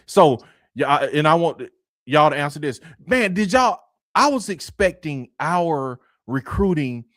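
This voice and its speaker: Man as energetic sports show host, bright and swinging, dry close sound. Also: a little high, dry recording. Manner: animated, greets viewers by name, slangy. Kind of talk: casual sports chat.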